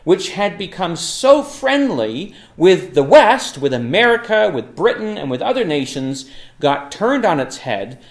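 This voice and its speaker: A man's voice: high-pitched, big pitch swings, unhurried, reverberant. A man giving a casual, chatty talk on history with lots of ums and uhs. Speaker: Bible talk speaker. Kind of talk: informal lecture on history.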